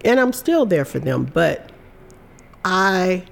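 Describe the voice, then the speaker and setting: A woman's voice: lowish voice, sing-song, slow, gravelly. A woman in her fifties, a guest in an interview, telling her story in an earnest, candid way. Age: 50s. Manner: warm, earnest storytelling with reported speech.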